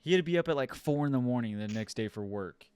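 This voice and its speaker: A man's voice: mid-range voice, fast, clean tone. A young man from Ohio, co-hosting a podcast and telling a story in an exasperated, swearing, casual way. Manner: swears a lot, animated and exasperated. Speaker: podcast co-host.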